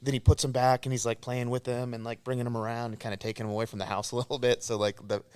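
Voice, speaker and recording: A man's voice: medium pitch, little pitch movement, fast talker, a little mellow, clear, resonant tone, no echo. A man co-hosting a podcast, telling a rambling, profane story in casual chat, laughing as he goes. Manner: rambling storyteller, swears freely, laughs a lot. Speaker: podcast co-host.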